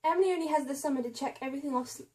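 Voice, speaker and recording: A woman's voice: sits high, rapid-fire, mellow. A young woman chatting casually about books she bought, reading blurbs aloud and stumbling over names and hard words. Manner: reads book blurbs aloud. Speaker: book vlogger. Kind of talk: casual chat about a book haul.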